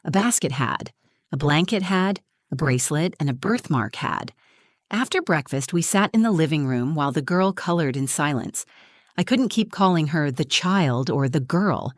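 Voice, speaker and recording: A woman narrates a scripted first-person story as a mother, with a steady, even delivery. Her voice is on the low side. The recording is close and dry, with no room sound. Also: moderate pace, no echo.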